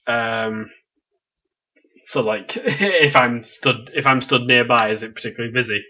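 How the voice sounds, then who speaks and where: A man's voice: mid-range voice, measured pace, sharp tone, dull audio. A man playing a tabletop game, answering in short reactions with mild swearing. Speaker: player.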